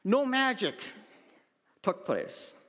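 In a church sanctuary, a man from Manitoba, Canada, who has a deaf, hard-of-hearing accent, gives an earnest personal testimony as a pastor during a sermon. His voice sits high and fairly bright, very animated but extremely slow, and the sound carries like a big room.

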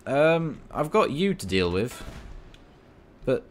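The tank-game commentator goes at a slow pace here, still chatty and excitable as his voice rises and dips while he cheers, gripes and scolds rival players in mock outrage. There's a faint hiss under the recording.

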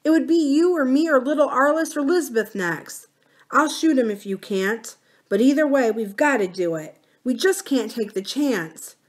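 A woman voicing a frontier mother in a storybook reading, gentle and firm with a tearful edge. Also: mid-range voice, lively intonation, moderate pace, lightly acted. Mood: grieving. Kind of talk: storybook read-aloud.

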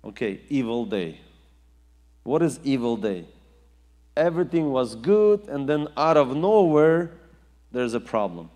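A man's voice: mid-range voice, sing-song, unhurried, long pauses, a little mellow. Man preaching in an echoing hall. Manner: emphatic, rising and falling delivery with repetition. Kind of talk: sermon.

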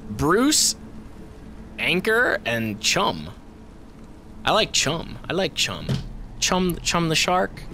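A man giving profane, excitable let's play commentary, swinging from mutters to shouts and talking to the enemies on screen. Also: on the high side, extremely slow, pauses often, background noise. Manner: talks to the game and its enemies. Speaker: gamer.

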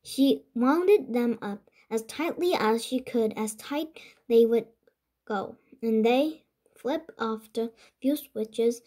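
Korean-speaking woman reading a kids' book, slow and stumbling, mellow dark tone. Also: a little high. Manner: halting, with restarts and slips. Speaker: reader. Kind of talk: children's book read aloud.

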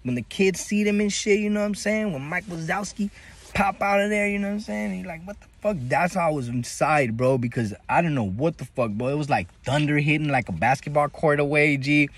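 A man telling a slangy, animated story to his viewers, acting out the voices of the people in it. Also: on the high side, a little fast. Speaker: vlogger. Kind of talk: casual storytelling.

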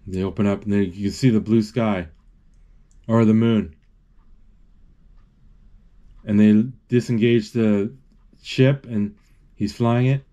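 A man's voice: lowish voice, fairly even intonation, warm tone, muffled recording. Man narrating a film as it plays. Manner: halting, self-correcting, thinking aloud. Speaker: channel host describing a movie. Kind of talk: live play-by-play retelling of a film.

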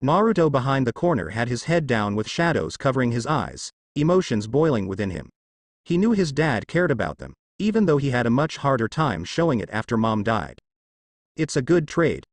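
A man reading fanfiction aloud in a steady storytelling way. His pitch moves lively, and the sound is dry and close. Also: fairly quick, no echo. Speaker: story reader. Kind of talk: fanfiction narration.

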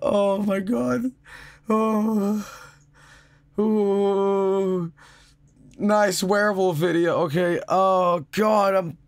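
A man hosting a live stream, giving casual, excitable commentary with plenty of swearing. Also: high-pitched, extremely slow, dry recording. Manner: excitable, profane, laughs often. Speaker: streamer host.

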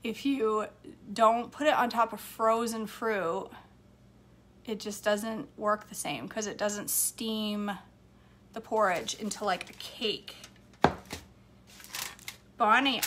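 A chatty woman with a slightly high voice talks casually through a home-kitchen cooking stream. She laughs easily and reads viewers' comments aloud as she goes. A faint hiss of noise sits under the recording. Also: bright, forceful tone. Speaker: cooking vlog host. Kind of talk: casual live cooking chat.

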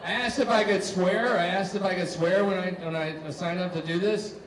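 A man's voice: high voice, steady tone, moderate pace. A man performing a stand-up comedy set, self-mocking, acting out both sides of his stories with rising exasperation. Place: comedy stage before a live audience. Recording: roomy live stage sound from far off, crowd noise. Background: audience laughter.

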